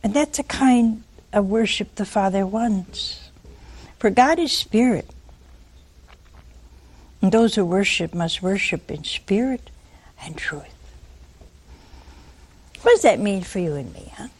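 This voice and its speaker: An older woman giving a sermon, telling the story in a lively way, acting out voices and asking her listeners questions. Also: medium pitch, slow, long pauses, slightly rough. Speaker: preacher.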